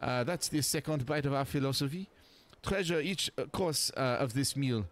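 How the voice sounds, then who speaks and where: A man's voice: medium pitch, normal speed, voice pushed up, natural voice. A man voicing a gracious French woman sommelier in a put-on French accent, dropping in French phrases and tripping over words. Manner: slips into bits of French, stumbles over words.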